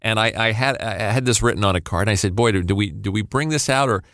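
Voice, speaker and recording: A man hosting a talk show, introducing clips in a relaxed, playful way. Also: on the low side, fast talker, no echo, clean studio sound. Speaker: podcast host. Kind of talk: casual chat introducing clips.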